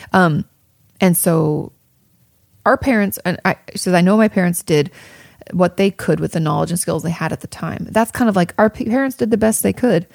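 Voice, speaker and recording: A woman's voice: medium pitch, creaky, a little mellow, no room sound, studio quality. A young adult woman giving casual, earnest parenting advice, rambling into tangents and swearing freely. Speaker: advice podcaster on parenting and emotional health.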